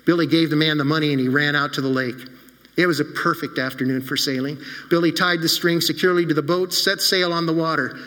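A man preaching a children's sermon in the voice of an animated storyteller, often stopping to ask his listeners questions. His voice is bright and slightly high. A long reverb trails after him, as in a large hall. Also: fast.

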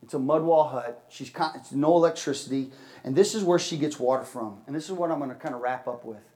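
A man giving an energetic fundraising talk at a church service, swinging between loud bursts and hushed moments. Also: medium pitch, quick pace. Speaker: charity speaker at a church.

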